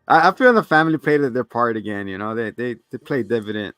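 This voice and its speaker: A man's voice: mid-range voice, animated, fast, fairly bright tone, smooth, dry recording, clean studio sound, faint music behind. A man co-hosting a casual movie review, retelling scenes with quoted lines and frequent laughs. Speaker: co-host.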